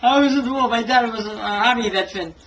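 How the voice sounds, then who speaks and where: An older woman, a singer, telling a story from her early career in an interview. She is a lively storyteller who acts out what people said and laughs often. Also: on the high side, fast, highs cut off, a little hiss or hum. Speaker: singer and tribute artist to a famous rock and roll singer.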